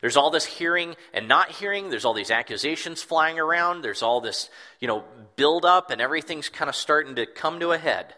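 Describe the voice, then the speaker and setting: A man's voice: on the high side, expressive, brisk, few pauses, pushed and bright. A man preaching a sermon in an earnest, reflective way, repeating words for emphasis. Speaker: pastor.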